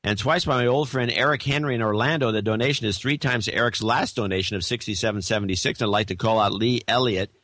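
A man's voice: mid-range voice, fast, few pauses, a bit bright, dry recording. A man co-hosting a podcast in casual banter, reading out donor notes with amused, rambling restarts. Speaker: podcast co-host.

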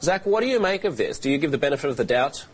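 A man's voice: fairly high pitch, sing-song, racing, slightly rough. A man interviewing a guest on a news program, asking probing questions.

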